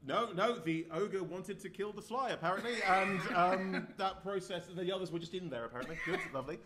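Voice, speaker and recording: A man's voice: high voice, brisk, heavy background noise. A man running a comedic tabletop game as game master, narrating wryly and with amusement.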